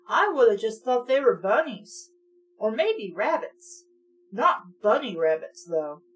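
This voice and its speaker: A woman's voice: fairly high pitch, big pitch swings, slow pace. A young woman reading a children's horror book aloud and interrupting it with sarcastic, mocking asides. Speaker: book reader and commentator. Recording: distant mic with faint hum.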